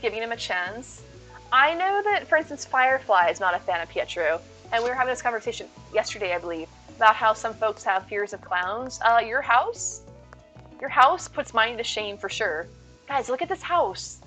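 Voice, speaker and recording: A woman's voice: fairly high pitch, lively intonation, fairly quick, a bit bright, faint music behind. A woman streaming live and chatting with viewers, playful and silly, full of jokes and puns.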